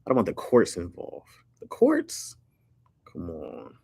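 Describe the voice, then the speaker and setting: A man's voice: low-pitched, animated, moderate pace, vocal fry, slightly rough, dry recording, studio quality. A man hosting a casual live stream, talking loosely and jokingly with slang while reacting to viewer comments.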